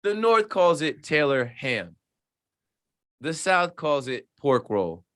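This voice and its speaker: A man's voice: a little high, slow. A man from the New Jersey shore, a sports radio host, chatting on a podcast in an emphatic way and acting out the people he quotes. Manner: emphatic, acts out quoted exchanges in lively voices. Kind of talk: casual podcast chat.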